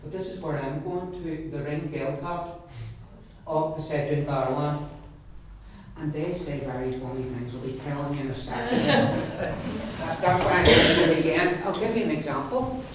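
A man with an Irish accent teaching an Irish language class, repeating words slowly for learners to copy. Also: on the high side, a loud crowd. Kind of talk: classroom lesson. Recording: echoey room, recorded from a distance.

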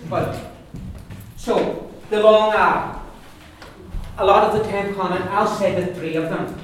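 A man's voice: sits high, steady tone, takes it slowly. A man teaching a language class, explaining in loose restarts and often checking with his students. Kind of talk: classroom lesson. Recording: echoey room from far off, noisy.

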